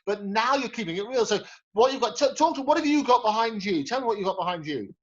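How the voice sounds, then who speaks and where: A man's voice: sits high, lively intonation, fast talker, lo-fi sound. A male host interviewing a guest, praising effusively and enthusiastically. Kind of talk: interview chat.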